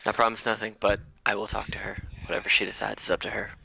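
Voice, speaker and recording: A man's voice: on the low side, completely flat delivery, fast, vocal fry, pushed and bright, breathy edge, no echo, low-quality recording. A man playing his character in a tabletop game, blunt and insistent with a wry edge. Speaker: player.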